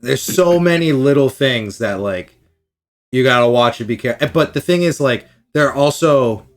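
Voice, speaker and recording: A man's voice: mid-range voice, animated, normal speed. A man co-hosting a casual podcast chat, rambling and swearing as he acts out quoted lines. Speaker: podcast co-host.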